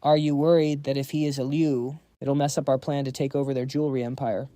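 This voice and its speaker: A man's voice: mid-range voice, flat delivery, a little fast, warm tone, lightly acted. A man voicing a cocky, cold young male hero who taunts his enemies in a recap story. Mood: smug. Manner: smug, taunting.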